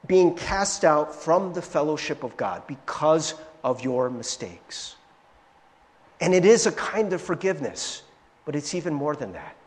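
A man preaching a sermon as pastor, conversational and animated, with frequent "right?" asides and restarts, in a church sanctuary. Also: on the high side. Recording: long hall reverb from a church sanctuary.

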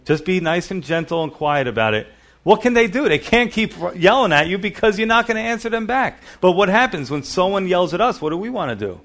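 A man's voice: high-pitched, big pitch swings, fairly quick, fairly bright tone. A middle-aged male pastor giving a sermon, reading scripture aloud and explaining it in a conversational manner.

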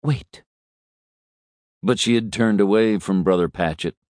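A man doing scripted narration of a story in a slow, deliberate reading. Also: on the low side, darkish tone, no room sound, studio quality.

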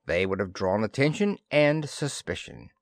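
A man voicing a cold, calculating senior male official who speaks calmly and wearily in a storybook reading. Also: fairly low pitch, no room sound, studio quality. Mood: measured. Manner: calm, measured, weary.

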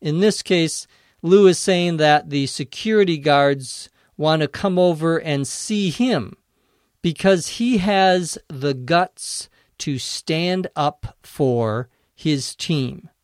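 Slow, deliberate male English teacher. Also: fairly high pitch, dry recording, studio quality. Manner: spells words letter by letter, clear and deliberate. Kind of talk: slow explanatory language lesson.

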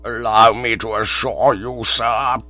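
A man's voice: medium pitch, fairly even intonation, slow, lightly acted. A man doing a stiff, outraged old duke. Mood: stiffly polite. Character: indignant elderly English duke, stiffly formal. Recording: dull audiobook recording with mains hum.

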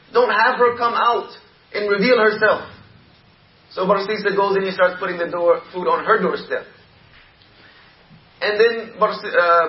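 High-voiced man telling a sermon story. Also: echoey room, lo-fi sound. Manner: repetitive, emphatic storytelling. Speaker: preacher.

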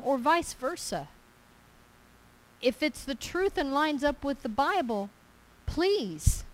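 Woman preacher, fairly high voice, emphatic and repetitive, conversational sermon delivery. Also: low-quality recording.

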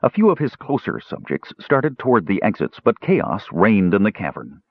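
A man reading a fantasy audiobook with expressive storytelling, in a slightly dull recording. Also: lowish voice, normal speed, husky. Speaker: audiobook narrator. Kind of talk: scripted audiobook narration.

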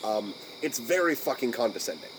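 A man in mid-pitch range chats loosely on a podcast, cursing freely as he rambles. He often trails off and restarts while hunting for the right phrase, and a faint hiss sits under his voice. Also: lively intonation, brisk, rough recording. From United States. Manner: rambling, profane, searching for words. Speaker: podcast co-host. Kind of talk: casual podcast chat.

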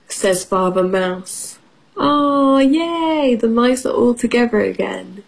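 A woman's voice: fairly high pitch, expressive, slow pace, creaky, rough recording. A woman teacher reading a picture book aloud to children, encouraging them and asking questions. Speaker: English teacher.

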